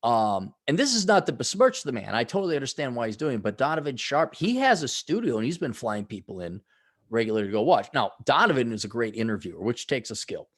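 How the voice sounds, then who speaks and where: Dry-sounding middle-aged man, measured. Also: medium pitch, big pitch swings, dry recording. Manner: measured, with frequent filler hesitations. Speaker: podcast guest. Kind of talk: casual chat. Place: at home. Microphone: own microphone over video call.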